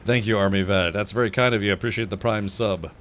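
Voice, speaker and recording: A man's voice: fairly low pitch, fairly even intonation, fast talker, a bit bright. A man streaming a video game live, chatting casually, laughing often and thanking viewers.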